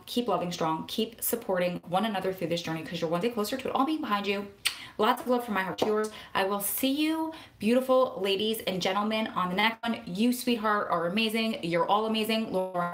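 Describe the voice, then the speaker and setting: Fast-talking New woman. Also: medium pitch, a little hiss or hum. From New Jersey. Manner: fast-talking, excitable, rambling. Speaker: vlogger and prison wife advocate. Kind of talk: casual live-stream chat. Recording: echoey room.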